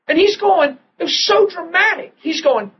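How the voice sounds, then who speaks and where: A man preaching a sermon, telling a personal story with animated restarts and soft, hushed quoted prayers. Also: very high voice, normal speed, dull audio, a little hiss or hum.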